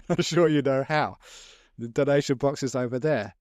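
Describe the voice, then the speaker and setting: A man's voice: mid-range voice, normal speed, a little mellow, no echo, clean studio sound. A man, a Buddhist monk, giving a humorous, story-filled dharma talk to a live audience, chuckling and chatting as he goes. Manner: jokey, chuckling, conversational.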